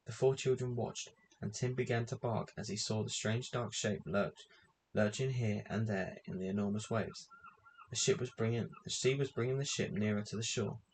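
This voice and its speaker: A man reading a children's adventure book aloud in an even, measured way. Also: on the low side, slight background noise. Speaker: reader.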